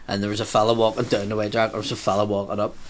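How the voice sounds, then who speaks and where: A man's voice: lowish voice, flat delivery, rapid-fire, a little hiss or hum. A man with a Belfast accent hosting a podcast, talking bluntly, swearing heavily and acting out the people in his stories. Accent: Northern Irish, Belfast. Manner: blunt, heavy swearing, acts out quotes. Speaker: podcast host. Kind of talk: casual storytelling chat.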